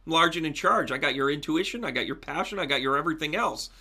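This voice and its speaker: A man's voice: fairly high pitch, animated, fast talker, pushed and bright, exaggerated voice. Brief: man putting on a self-assured queen, large and in charge, purring and smug. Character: bossy confident queen purring at her cat.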